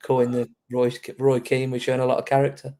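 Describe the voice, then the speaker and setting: A man co-hosting a casual fan podcast, talking in a measured, steady way. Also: mid-range voice. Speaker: podcast co-host.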